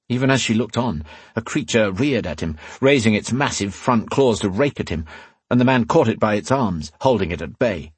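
A male narrator giving a measured, dramatic reading of a fantasy audiobook on a close mic. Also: medium pitch, breathy edge, no echo.

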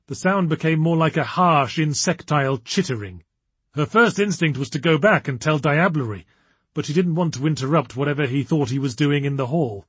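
A man reading a story aloud in measured, wry narration. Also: fairly high pitch, husky, no room sound. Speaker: audiobook narrator. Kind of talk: scripted narration.

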